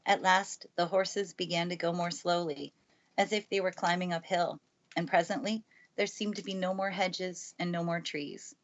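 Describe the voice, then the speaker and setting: Low-voiced woman reading a storybook aloud. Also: moderate pace, muffled recording. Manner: calm, steady storytelling. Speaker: narrator. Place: family room by a fireplace. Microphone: good studio mic.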